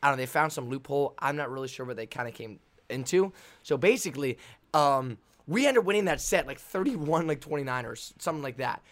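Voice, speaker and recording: A young man hosting a podcast, telling a story in an animated, excitable way with many restarts. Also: mid-range voice, fast talker. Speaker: volleyball player and podcast host. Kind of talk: casual storytelling.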